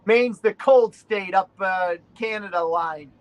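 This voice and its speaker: A man's voice: high-pitched, takes it slowly, muffled recording. A man with a Boston accent, chatting as a guest on a video call, rambling with plenty of fillers. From Rhode Island. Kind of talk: casual chat on a video call.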